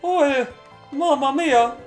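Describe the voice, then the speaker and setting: A man voicing a distraught male hot dog vendor with wailing, drawn-out exclamations. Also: extremely high pitch, a little mellow, faint music behind, pitched above the performer's own voice, full character voice.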